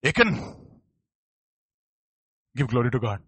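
A man's voice: medium pitch, sing-song, takes it slowly, fairly bright tone, husky, dry recording. A man preaching a sermon, acting out quoted voices and building to emphatic outbursts. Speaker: pastor.

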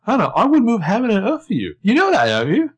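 A man putting on a high, pleading young lover. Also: wildly swooping pitch, fast, slightly rough, dull audio, heavily acted. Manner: high strained put-on voice with a self-admitted bad accent. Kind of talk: podcast scene reenactment.

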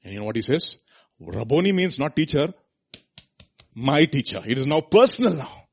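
A male preacher delivers his sermon in a husky voice. His pitch leaps and falls with lively range, loud emphatic lines giving way to quiet asides. He keeps asking the congregation rhetorical questions. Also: moderate pace. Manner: animated, swinging from loud high emphasis to soft low asides, rhetorical questions.

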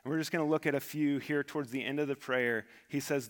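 A man preaching a sermon with earnest emphasis, rising to stress points and letting his phrases fall away quietly. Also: medium pitch, steady tone, fast talker, hardly any pauses, long reverb tail. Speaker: pastor.

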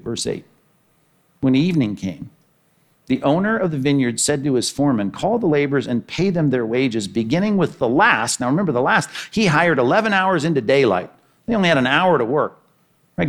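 A man preaching a sermon, reading scripture and acting out the characters' voices with lively energy. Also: fairly high pitch, moderate pace. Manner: animated, acts out the characters' lines in the parable. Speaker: pastor.

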